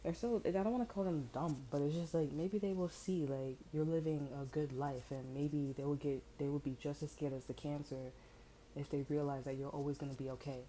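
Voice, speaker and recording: A woman's voice: sits low, steady tone, a little fast, mellow, slight background noise, poor audio. A woman tarot reader in slangy, rambling casual chat, amused and full of fillers. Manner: amused, breaks into laughter.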